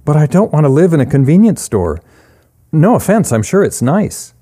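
Brief: a man voicing a young woman, teasing and dry, pitched up, mellow tone. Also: very animated, moderate pace. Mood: wry. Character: weary young woman, wry, restless drifter.

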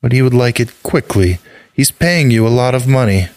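A man's voice: medium pitch, lively intonation, normal speed, darkish tone, no echo, pitched above the performer's own voice, close to an everyday voice. A man reading a story aloud, voicing an arrogant royal emissary in a haughty, contemptuous manner. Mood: sneering. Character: arrogant male royal emissary, sneering and threatening. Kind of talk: audiobook reading.

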